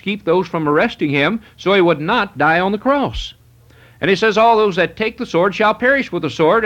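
A man preaches, driving his points home through emphatic repetition. His voice sits a little higher than most men's. The recording sounds dull and lo-fi. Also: a bit bright. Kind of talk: sermon. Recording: muffled lo-fi recording.

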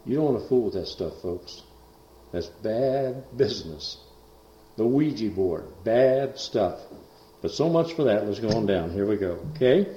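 A man's voice: on the low side, animated, measured pace, dark tone, a little hiss or hum. Guy preaching, rambly storytelling with lots of uhs, roomy echo, kinda dull lo-fi tape. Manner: rambling, many fillers and asides. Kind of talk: folksy sermon storytelling.

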